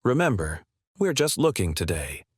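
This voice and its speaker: A male narrator reading the lines of a calm, gentle mother pleading for her ill son. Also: medium pitch, moderate pace, no room sound, studio quality. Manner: calm and polite.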